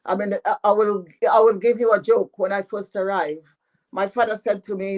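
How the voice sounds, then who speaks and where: A woman in her eighties with a Dominican French patois accent, telling her own story as an author guest, slow and full of "you know" fillers. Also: mid-range voice, fairly even intonation, darkish tone, low-quality recording. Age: 80s. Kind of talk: interview answers.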